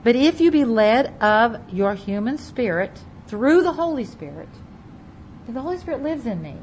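A woman preaching a sermon, reading scripture aloud and stressing key words over and over, her loudness rising and falling. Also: on the high side, very animated, normal speed, slight background noise, poor audio. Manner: emphatic, repeats key words, varies loudness widely; reads scripture aloud in King James wording. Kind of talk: Bible teaching sermon.

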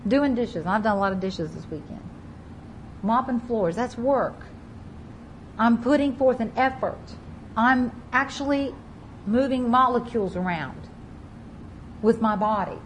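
A woman preaching a sermon, reading scripture aloud and stressing key words over and over, her loudness rising and falling. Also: fairly high pitch, a little hiss or hum, rough recording. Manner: emphatic, repeats key words, varies loudness widely; reads scripture aloud in King James wording. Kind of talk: Bible teaching sermon.

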